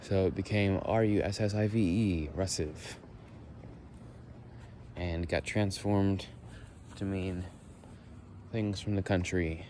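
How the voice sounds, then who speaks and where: Young guy with a really low voice, wandering thoughts while walking outside, faint outdoor hiss. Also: fairly even intonation, unhurried. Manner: musing, meandering, thinks out loud. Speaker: vlogger. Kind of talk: rambling walk-and-talk monologue. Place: outdoors on a walk through leaves.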